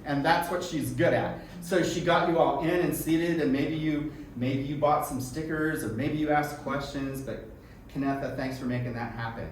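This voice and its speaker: A man hosts a small live event in a music school, with a voice pitched a little high. He talks in an effusive, chatty way and laughs often. The sound is heavily echoey, picked up from far off with a noisy room behind him. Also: moderate pace. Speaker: event host. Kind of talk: live stage introductions.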